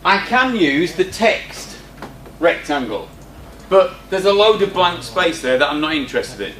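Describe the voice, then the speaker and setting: A man's voice: fairly high pitch, sing-song, a little slow, fairly bright tone. Chatty man in an echoey room. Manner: chatty, informal, teasing asides. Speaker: teacher. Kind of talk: screen-recorded coding tutorial. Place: classroom with students present. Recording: echoey room with faint background hum.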